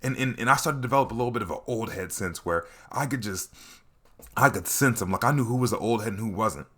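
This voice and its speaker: A young man telling a comedic storytime, animated and quick to repeat his catchphrases. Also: on the low side. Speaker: vlogger.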